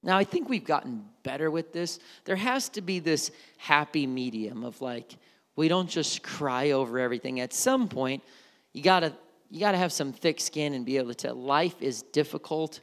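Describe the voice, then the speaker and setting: A man's voice: fairly high pitch, lively intonation, normal speed, big-room sound. A man preaching a sermon as a pastor, conversational, with frequent restarts and repeated words.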